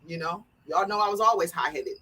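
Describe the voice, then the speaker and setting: Woman podcast co-host, AAVE, loud and laughing, bright husky voice. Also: fairly low pitch, brisk, rough recording. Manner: loud, laughs often, animated. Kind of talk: casual chat.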